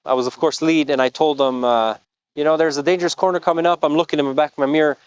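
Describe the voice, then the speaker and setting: A man's voice: fairly high pitch, fairly even intonation, fast, clean tone, muffled recording. A man working as a motorcycle tour guide, telling the story of a crash in earnest vlog narration outdoors on a mountain road. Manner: earnest storytelling, explains carefully.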